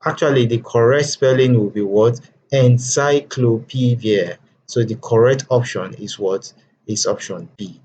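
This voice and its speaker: A man's voice: medium pitch, unhurried, a little mellow, muffled recording, slight background noise. A man teaching an exam prep lesson over on-screen slides. He often asks "what?" and answers it himself.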